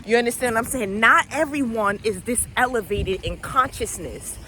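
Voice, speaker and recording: A woman's voice: on the high side, normal speed, background noise. A woman talking casually to camera in a rambling, preachy, slangy way, outdoors near farm animals. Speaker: vlogger.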